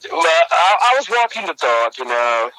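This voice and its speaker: A young man co-hosting a comedy podcast, telling a rambling story with many halting restarts. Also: on the high side, very animated, sharp tone, dry recording, low-quality recording. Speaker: podcast co-host.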